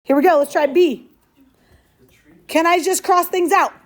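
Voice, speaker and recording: A woman teaching a math class, upbeat and quick, calling out questions to her students. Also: extremely high pitch, noisy background. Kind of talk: classroom lesson.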